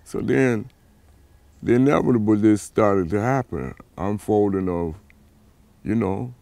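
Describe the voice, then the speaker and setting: A man with a low, gravelly voice recounting his story in an interview. He acts out the dialogue with animation. The sound is dry and close. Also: unhurried, a little mellow, no echo. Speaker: interviewee, father. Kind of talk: personal account.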